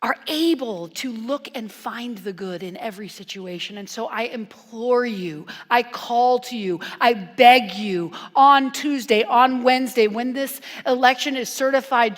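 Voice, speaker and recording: A woman minister giving a conversational sermon, animated and playful in her storytelling, turning hushed and earnest at times. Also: fairly high pitch, unhurried, hardly any pauses, some chatter behind. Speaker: guest minister. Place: church sanctuary. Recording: long reverb from a church hall.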